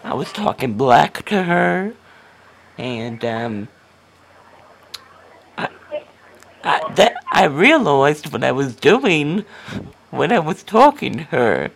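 A man telling a story in a comedy sketch, in a deadpan, unhurried way. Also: on the high side, creaky, slight background noise.

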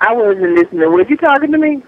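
A man's voice: sits high, lively intonation, quick pace. A man playing a bossy, sassy woman on a tinny phone line. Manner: bossy, scolding, talks over people. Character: brash, sassy woman giving blunt advice.

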